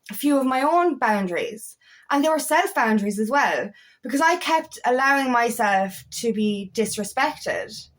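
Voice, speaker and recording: A woman speaks straight to camera with raw, unfiltered passion, often swearing and circling back on her words. Her voice sits slightly higher than average. She sounds like a coach venting frankly to her followers. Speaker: empowerment coach. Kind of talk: casual monologue to camera.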